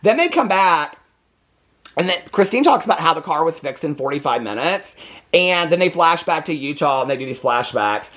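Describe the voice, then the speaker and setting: A man hosting a casual TV reaction recap with a Midwestern American accent, chatty and sarcastic, laughing often and mimicking people in high mocking voices. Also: big pitch swings, normal speed, fairly bright tone. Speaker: TV recap host.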